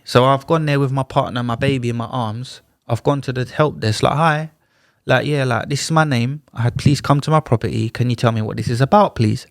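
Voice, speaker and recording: A man speaking at a middle pitch, recounting his story to a podcast host in easy street slang. He acts out what others said with lively little shifts of voice. The sound is close and dry, with no room around it. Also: vocal fry, no echo. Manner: animated, slangy retelling with acted-out dialogue. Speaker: podcast guest. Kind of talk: casual storytelling. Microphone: studio podcast mic.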